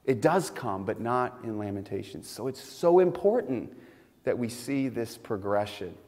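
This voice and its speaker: Man preaching a sermon, mid-pitched voice, earnest and emphatic, long hall echo. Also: expressive, a little slow, a little mellow. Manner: earnest, building emphasis with repeated phrases. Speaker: pastor.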